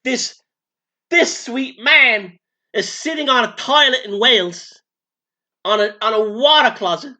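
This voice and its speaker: A man's voice: very high-pitched, unhurried, pushed and bright, heavily acted. A man voicing a crude, camp, aging female Vegas showgirl, telling a rambling story full of stammered restarts. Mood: bawdy gossiping. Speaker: comedy character. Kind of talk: improvised comic monologue.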